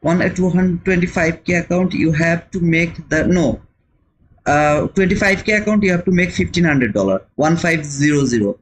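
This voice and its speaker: Chatty trading streamer, slightly high voice. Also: male voice, normal speed, slight background noise, rough recording. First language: not English. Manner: chatty, repeats words, answers viewers by name. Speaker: trading livestream host. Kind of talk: casual live-stream chat reading comments.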